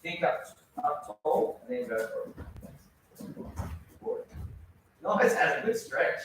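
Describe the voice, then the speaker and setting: A man's voice: a little high, very animated, slow pace, a bit bright, slight background noise. A man teaching a children's karate class, giving instructions and praising his students often. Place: indoor training hall. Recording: very echoey hall, mic far off.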